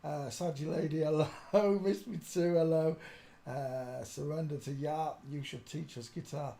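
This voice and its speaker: A man's voice: on the high side, steady tone, unhurried, vocal fry, mellow. An older man hosting a rambling live stream from his home desk, chatting, greeting viewers and humming to himself as he clicks around. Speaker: livestream host.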